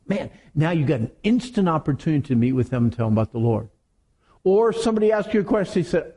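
A middle-aged man preaching a sermon to teenagers, telling stories in an animated way. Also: on the high side, fast, slightly rough. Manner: animated storytelling with acted quotes. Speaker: youth preacher.

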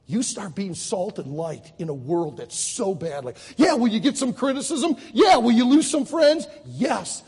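A man preaching a sermon to high school students, telling a story with lively acted voices. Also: breathy edge, long reverb tail. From United States. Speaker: Baptist preacher.

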